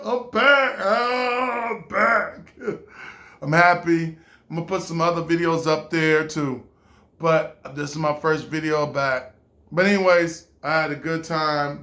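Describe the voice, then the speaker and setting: A man's voice: on the high side, fairly bright tone. A man from California telling a personal story to camera in a rambling, repetitive way with chuckles. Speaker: vlogger.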